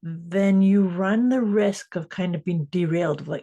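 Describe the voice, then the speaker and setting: A woman co-hosting a podcast as a coach, talking thoughtfully and pausing to find her words. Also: on the low side, mellow. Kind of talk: casual chat.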